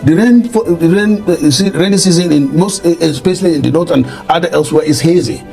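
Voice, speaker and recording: A man speaking forcefully as a guest in a broadcast interview. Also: fairly high pitch, a little fast, gravelly, faint music behind. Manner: forceful, repeats his points.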